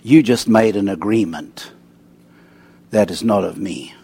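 A man voicing God in a low, quiet, measured tone while telling a story in a sermon. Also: creaky, husky, exaggerated voice. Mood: gently correcting. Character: God speaking, calm deep male voice.

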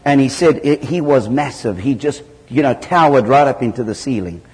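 A man from southern Africa preaching a sermon, telling stories with lively jumps in pitch. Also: moderate pace. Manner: animated storytelling with sudden loud jumps in pitch. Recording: hall reverb.

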